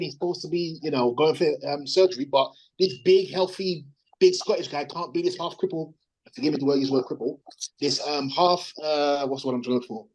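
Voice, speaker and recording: A man co-hosting a wrestling podcast from home, giving long opinionated takes. He rambles and often stops to hunt for the right word. His voice sits a little high for a man. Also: rough recording. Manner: opinionated, rambling, searches for words. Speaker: podcast co-host. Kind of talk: casual wrestling opinion chat. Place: resting at home.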